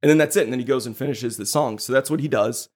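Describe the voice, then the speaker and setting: A man hosting a podcast, excitedly telling a story in casual chat and swearing freely. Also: medium pitch, quick pace. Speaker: podcast host.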